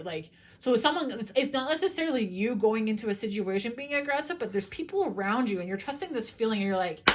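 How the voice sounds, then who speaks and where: A woman's voice: fairly high pitch, fast, few pauses. A young woman giving a casual tarot reading, chatty and loose, swearing freely and restarting her sentences often. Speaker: tarot reader.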